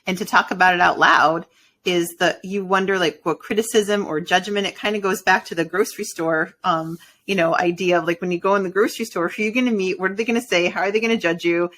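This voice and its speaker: A woman co-hosting a podcast, telling a personal story in a lively, chatty way with quoted asides. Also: lowish voice, fast talker. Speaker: podcast co-host. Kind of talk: casual podcast chat.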